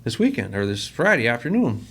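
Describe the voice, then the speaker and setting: A company president appearing on a podcast rambles casually through workplace stories, performing the quoted dialogue himself. He talks a little fast in a very animated mid-range voice with a breathy edge.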